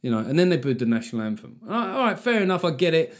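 A man's voice: a little high, big pitch swings, rapid-fire. A man hosting his own podcast, talking through the week's news in a sweary, sarcastic, comic rant. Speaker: podcast host and comedian. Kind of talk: casual solo podcast monologue.

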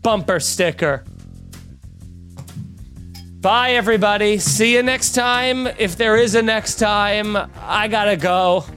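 A man's voice: sits high, slow, long pauses, fairly bright tone, faint music behind. A young man hosting a podcast, delivering a profane, exasperated comedic rant full of fillers and asides. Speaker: podcast host.

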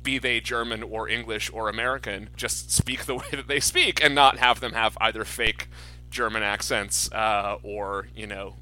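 A man's voice: on the low side, steady tone, moderate pace, sharp tone, low-quality recording. A man co-hosting a movie podcast, explaining his views in an opinionated way. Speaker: podcast co-host. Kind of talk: casual movie review chat.

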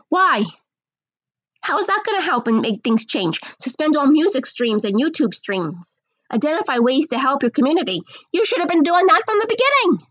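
A woman giving a blunt, sarcastic opinion rant, slowing down to stress her points. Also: a little high, dry recording, lo-fi sound.

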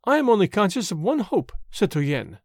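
A man voicing a sly, urbane and sarcastic French agent who speaks with quiet, mocking courtesy. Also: high-pitched, very animated, normal speed, dry recording, clean studio sound, full character voice.

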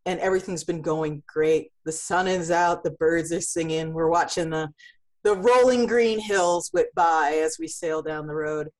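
A woman's voice: sits low, moderate pace, a little mellow. A woman who runs a comics publishing company, answering in an interview with vivid analogies and frequent restarts.

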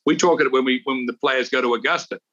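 A man's voice: medium pitch, fast talker, fairly bright tone, dull audio. A middle-aged man, a podcast co-host, chatting casually and rambling through stories with restarts. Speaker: podcast co-host, former golf champion. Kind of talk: casual chat.

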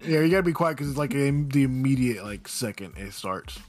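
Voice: medium pitch, expressive, fairly quick, no room sound, soft background music. A podcast co-host in casual chat, amused and teasing.

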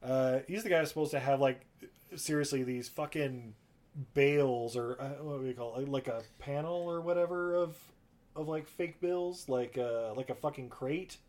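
A man's voice: medium pitch, normal speed, darkish tone. A man casually recapping a movie plot in a rambling, profane way, acting out the characters in raised voices. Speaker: podcast co-host.

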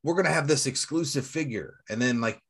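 A man's voice: mid-range voice, fairly quick, husky. A man in his forties, a toy collector and seller, telling rambling, profane stories in casual chat. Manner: rambling, profane, animated storytelling.

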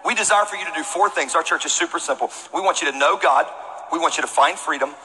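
Bright-voiced, animated storytelling pastor. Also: male voice, a little high, fast talker, in a large hall, a little hiss or hum, low-quality recording. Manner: animated, comic storytelling, shouts punchlines. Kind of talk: storytelling sermon. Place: church auditorium with congregation.

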